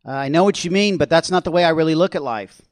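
A man's voice: fairly high pitch, fast, dry recording, natural voice. Man voicing a timid, polite cubicle worker, hesitant, dry close sound. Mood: uneasy. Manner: hesitant, polite, on the back foot. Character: mild, awkward American office-worker man.

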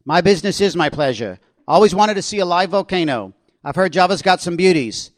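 Man reading as pushy Aussie adventurer, high-ish, loud and boastful, dry sound. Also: lively intonation, brisk, no room sound. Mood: cocky. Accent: Australian. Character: brash, confident Australian outdoorsman, adult man.

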